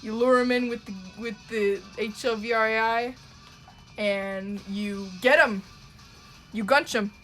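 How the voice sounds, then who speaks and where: A woman's voice: on the high side, steady tone, a little slow, fairly bright tone, soft background music. A young woman from Canada streaming from home while she draws, chatting with her viewers in a loose, profane, rambling way with frequent laughs. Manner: chatty, profane, laughs often, trails off with ums. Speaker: livestreamer drawing and reading chat. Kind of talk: casual chat.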